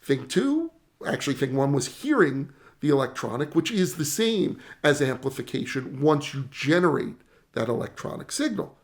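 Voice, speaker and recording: A man teaching how sound is amplified in an explainer lesson, animated and self-mocking, demonstrating with sound effects and dad jokes. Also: mid-range voice, normal speed. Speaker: tech educator.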